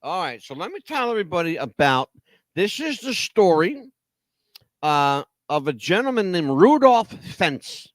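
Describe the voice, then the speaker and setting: A man's voice: sits high, no echo, studio quality. A man hosting talk radio, telling a story dramatically with rhetorical questions. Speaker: radio host.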